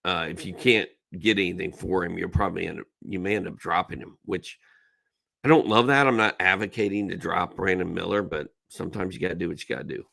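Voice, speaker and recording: A man's voice: sits low, fairly quick, gravelly, a bit bright. A middle-aged man hosting a casual live-stream Q&A. He reads viewers' questions aloud, then gives blunt, emphatic advice. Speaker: fantasy basketball analyst hosting a live Q&A.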